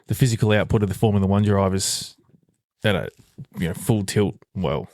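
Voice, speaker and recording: A man's voice: low voice, moderate pace, darkish tone, no echo, clean studio sound. A man co-hosting a podcast in casual chat, swearing freely and laughing often. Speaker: podcast co-host.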